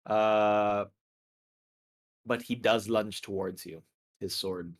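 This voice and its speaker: A man narrating as game master in a relaxed, descriptive way. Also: lowish voice, takes it slowly.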